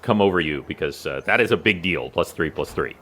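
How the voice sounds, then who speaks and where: A man narrating as game master of a tabletop game, lively and laughing easily. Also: sits low, a little fast, slight background noise.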